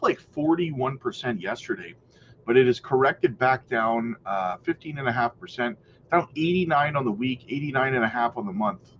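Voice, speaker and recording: Chatty and noncommittal, a male crypto news host talks through the market casually, clearing his throat often and leaning on fillers. He has a mid-range voice; the audio is dull with slight background noise.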